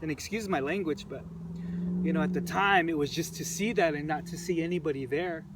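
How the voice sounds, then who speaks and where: A man recounting events to the camera in an earnest, halting way, repeating phrases, his voice emotional and choked up. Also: a little high. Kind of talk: personal storytelling to camera. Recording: distant mic with faint background noise.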